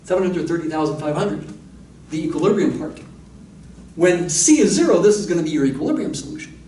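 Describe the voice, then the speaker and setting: A man with a fairly high voice works through equations in a recorded university lecture, thinking aloud as he goes. His voice echoes in the room and sits a little back from the microphone, with a faint hiss of noise behind it. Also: animated, brisk, mellow, far from the mic. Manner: explains step by step, thinking aloud with asides. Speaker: math lecturer.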